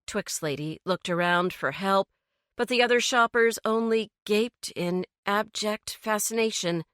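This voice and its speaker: Slow, bright-voiced woman narrating. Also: medium pitch, clear, resonant tone, no room sound, studio quality. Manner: slow, measured storytelling. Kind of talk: audiobook narration.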